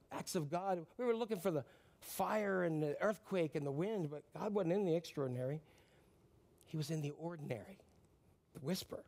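In a somewhat high voice, a male pastor gives a lively sermon that veers from loud bursts to hushed near-whispers. He keeps asking the congregation questions, only to supply the answers on his own.

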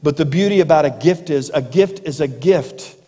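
A man's voice: fairly high pitch, moderate pace, warm tone, in a large hall, muffled recording. A male pastor preaching a sermon in a church, building to fervent emphasis and repeating phrases as he presses a point. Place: church sanctuary.

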